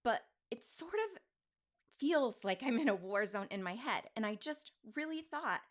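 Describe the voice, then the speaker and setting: A woman's voice: fairly high pitch, big pitch swings, measured pace. A woman in her forties, a podcast host, talking candidly in a rambling, self-questioning way with many fillers. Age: 40s. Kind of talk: candid personal monologue.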